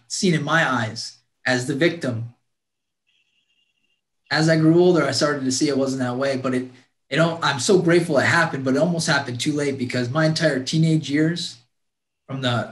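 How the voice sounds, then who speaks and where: A man guest earnestly telling a heartfelt personal story, often restarting his sentences. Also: fairly high pitch. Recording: roomy echo.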